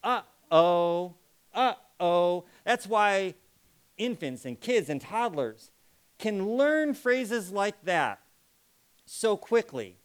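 A man's voice: high voice, big pitch swings, slow pace. A man giving an interactive live presentation to an audience, acting out sample phrases to show how tone changes meaning. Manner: demonstrative, acts out sample phrases.

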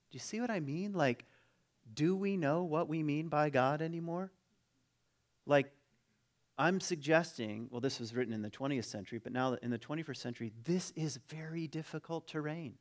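A man's voice: fairly high pitch, normal speed. A man preaching a conversational sermon, reading a passage aloud and breaking off into jokes and asides. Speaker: pastor.

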